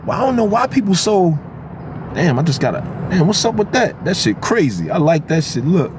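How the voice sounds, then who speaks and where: A middle-aged man ranting casually on the street in an emphatic, slangy, animated way. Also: high voice, normal speed. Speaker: actor. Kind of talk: casual street vlog rant. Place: outdoors on a street near traffic. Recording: noisy street recording with traffic.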